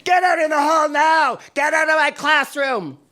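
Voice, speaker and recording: A man voicing a cruel, abusive male schoolteacher who shouts at a pupil, in a performed poetry reading. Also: high voice, lively intonation, measured pace, vocal fry, pitched above the performer's own voice, exaggerated voice. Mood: bellowing.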